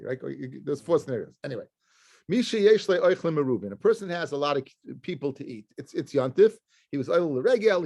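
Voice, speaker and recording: A man's voice: a little high, a little mellow. A man, a rabbi, teaching a casual Talmud class to listeners in the room. He poses questions and answers them himself, and mixes Hebrew and Aramaic terms into his English. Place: study class with listeners present.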